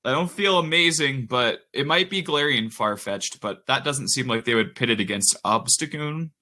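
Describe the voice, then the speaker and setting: A man's voice: medium pitch, lively intonation, normal speed, sharp tone. A man on a casual podcast, thinking aloud with lots of fillers while he works out quiz answers. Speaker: podcast host.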